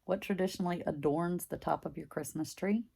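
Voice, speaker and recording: Casting: older Southern woman, thick country accent, low gravelly voice, chatty craft vlogger. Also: fairly quick, mellow. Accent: deep Southern US country. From Mississippi, US. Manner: rambling, chatty, filler-heavy. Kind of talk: casual chat while stitching.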